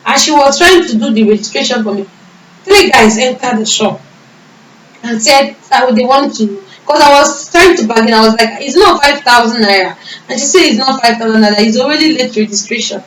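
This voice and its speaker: A woman's voice: fairly high pitch, a little hiss or hum. A young woman with a Nigerian accent, a vlogger telling a personal faith testimony in an earnest, emotional way. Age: young adult. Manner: earnest, emotional storytelling with reported dialogue. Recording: echoey room from a distance.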